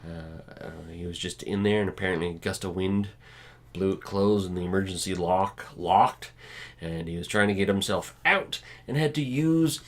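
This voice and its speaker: A man from Canada co-hosting a laid-back news chat in a lowish voice. He reads out stories dryly, with plenty of uhs along the way. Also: moderate pace. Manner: relaxed, dry, reads out news items with fillers. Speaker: podcast co-host.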